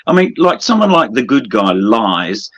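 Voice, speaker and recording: A man's voice: mid-range voice, very animated, measured pace, fairly bright tone, breathy edge, poor audio. A man with an Australian accent, arguing on a livestream, swearing a lot and pressing with pointed questions. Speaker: livestream guest. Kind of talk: heated livestream argument.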